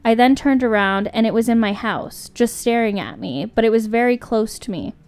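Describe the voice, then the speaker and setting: A young woman co-hosting a podcast, chatting casually and then reading a story aloud at a steady pace. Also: on the high side, smooth. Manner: chatty, laughs easily, reads with slow steady pacing. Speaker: podcast co-host.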